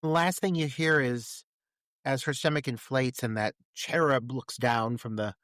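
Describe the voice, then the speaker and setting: A man talks through a film on his podcast in a loose, candid way, with crude jokes and plenty of hesitant pauses while he searches for words. The sound is dry and close, with no room around it. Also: medium pitch, steady tone, a bit bright, no echo. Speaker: podcast co-host. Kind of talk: casual film commentary chat.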